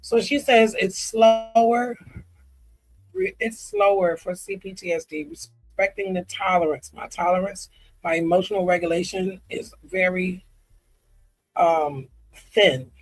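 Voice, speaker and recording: A man talking candidly in a personal vlog, earnest and confiding, often halting with ums and restarts as he reads comments aloud. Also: sits high, soft background music, rough recording. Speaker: vlogger.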